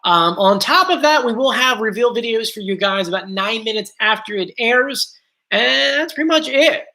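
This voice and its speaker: A man's voice: extremely high pitch, lively intonation, moderate pace, gravelly, bright, forceful tone. A man with a South Jersey and Philadelphia accent, chatting casually on a live stream and rambling as he reads out viewer comments.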